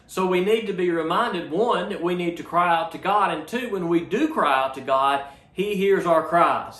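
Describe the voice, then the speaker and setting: Earnest male pastor giving a sermon, kinda high voice, echoey room sound. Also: a bit bright. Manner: earnest, with frequent repeated words and restarts.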